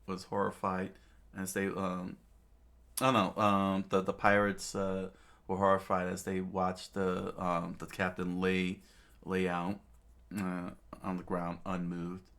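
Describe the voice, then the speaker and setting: Brief: male reader, low voice, very slow, halting with frequent self-corrections and asides. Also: monotone, creaky, fairly bright tone. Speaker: narrator reading a manga aloud. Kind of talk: casual reading with asides.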